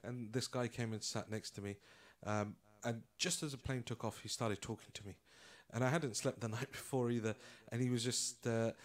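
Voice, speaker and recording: A man's voice: mid-range voice, fairly even intonation, normal speed, few pauses. A man from England speaking casually to an audience, telling anecdotes with frequent fillers. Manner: casual, storytelling with filler words. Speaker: guest speaker.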